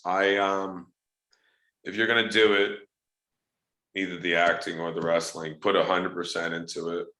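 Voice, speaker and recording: Low, punchy male wrestler-actor, lively storyteller, roomy echo. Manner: animated storyteller, acts out quoted voices. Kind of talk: casual interview chat.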